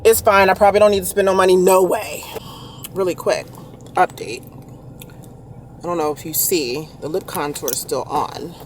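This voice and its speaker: A woman's voice: fairly low pitch, steady tone, normal speed, long pauses, slight background noise. A woman, chatting casually to viewers in her vlog. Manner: chatty, addresses viewers as y'all. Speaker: vlogger.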